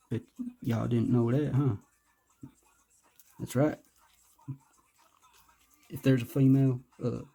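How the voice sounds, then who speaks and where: A man's voice: medium pitch, warm tone. A man doing casual, rambling unboxing commentary, joking, hyping himself up and cursing. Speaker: vlogger.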